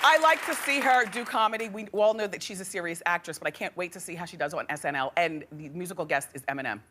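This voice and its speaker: A woman's voice: lowish voice, quick pace, a loud crowd. A middle-aged woman hosting a daytime talk show, chatting and gossiping with frequent laughs, a bit out of breath. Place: television studio with live audience. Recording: loud studio audience and noise.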